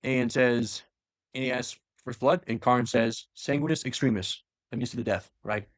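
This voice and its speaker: A man's voice: mid-range voice, normal speed, dry recording, studio quality. A man casually retelling a long story to a co-host, acting out the lines with lots of fillers. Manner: animated, acts out quotes, frequent fillers. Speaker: podcast host retelling lore.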